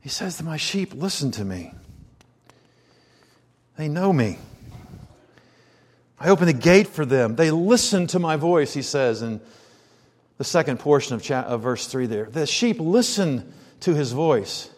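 A man delivers a conversational sermon in a high voice. He keeps asking his listeners rhetorical questions, sinks low and quiet, then rises again. His words ring out with a long reverb, as in a large hall. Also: animated, measured pace, pauses often. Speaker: pastor.

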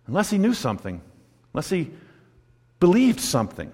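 A pastor with a high voice delivers a storytelling sermon, rising to emphatic peaks and dropping to near-whispered asides. His words ring out with a long reverb from a large hall. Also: huge pitch swings, normal speed, husky. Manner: storytelling, swings from loud emphatic to hushed.

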